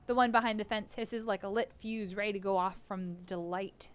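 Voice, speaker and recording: A woman streamer reading a video game aloud on a live stream, animated, laughing now and then. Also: mid-range voice, moderate pace, hardly any pauses, clear, resonant tone, dry recording.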